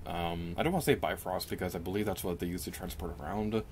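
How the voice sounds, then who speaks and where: Talking into a desk microphone, a young man does casual let's play commentary, chatty and quick to mock himself, his pitch jumping suddenly when he gets excited. He speaks fast, and a little hiss or hum can be heard.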